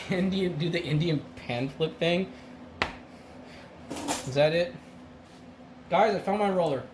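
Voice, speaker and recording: A chatty streamer cooking at home on a live stream, mid-pitched voice with plenty of laughs, and a clear hiss of noise under everything. the talk jumps around, full of restarts and asides. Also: takes it slowly. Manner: rambling, chatty, laughs often. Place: home kitchen.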